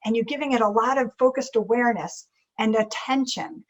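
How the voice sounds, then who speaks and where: A woman leading a live group workshop as a leadership coach, talking in an animated way and acting out inner voices. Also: fairly high pitch, a little fast, highs cut off.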